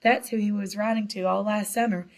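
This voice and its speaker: A woman's voice: medium pitch, fairly even intonation, fairly quick, natural voice. A woman voicing a shy young schoolgirl who is giggly and a little anxious.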